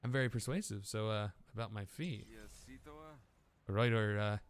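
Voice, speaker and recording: A man voicing a smooth-talking male fixer with a put-on Australian accent, asking to be paid. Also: fairly low pitch, normal speed, natural voice. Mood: coaxing.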